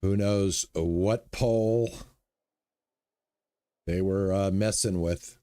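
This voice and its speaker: Slow, relaxed male gaming streamer. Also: deep voice, smooth, no echo. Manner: relaxed, chats with viewers between game remarks. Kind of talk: live stream commentary while playing.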